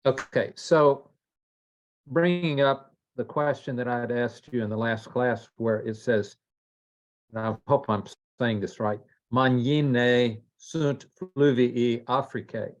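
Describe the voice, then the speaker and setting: A man's voice: medium pitch, fairly even intonation, measured pace, muffled recording. Tentative man asking about grammar. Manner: careful, tentative questioning. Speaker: student. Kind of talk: asking questions in an online class. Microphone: video call.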